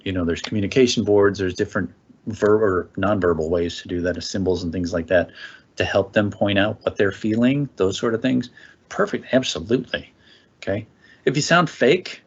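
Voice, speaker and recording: A man's voice: fairly low pitch, breathy edge, dull audio. A man training parents in a casual presentation, talking conversationally and often checking in with "okay?".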